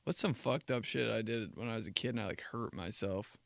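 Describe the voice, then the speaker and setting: A man's voice: on the low side, fairly quick, vocal fry, fairly bright tone, no room sound. A man hosting a casual solo podcast, telling stories in a laid-back, profane way with frequent laughs. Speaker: podcast host.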